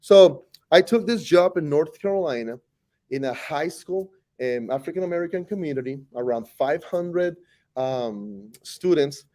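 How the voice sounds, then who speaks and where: Costa Rican man, mellow and animated. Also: on the high side, measured pace. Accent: Costa Rican Spanish. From Costa Rica. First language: Spanish. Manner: animated, joking, frequent restarts. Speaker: teacher. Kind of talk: casual interview.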